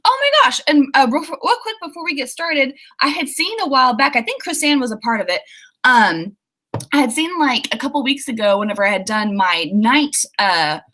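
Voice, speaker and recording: A young woman with a Southern US Oklahoma accent hosts a writing livestream, reading viewer comments in bubbly, chatty talk full of fillers and laughs. Her voice is high and bright, swinging widely in pitch at a normal speed with a forceful tone.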